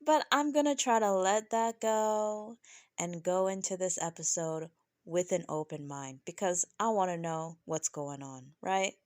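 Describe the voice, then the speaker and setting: A woman reviewing a reality show in casual, opinionated talk, animated and often tagging "right?" onto her points. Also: a little slow, dry recording, studio quality. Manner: animated, keeps asking "right?"; laughs often, mimics people in high voices.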